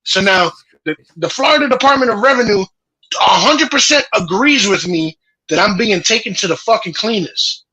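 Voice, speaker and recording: A man in a casual podcast chat, telling a heated, profane story with a husky voice. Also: sits high, animated, normal speed, pushed and bright, low-quality recording. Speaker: podcast host.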